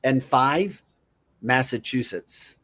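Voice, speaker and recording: A man's voice: mid-range voice, expressive, slow, pushed and bright. A middle-aged man hosting a casual chat show, playful, repeating words in mock pronunciations and chuckling often. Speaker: show host.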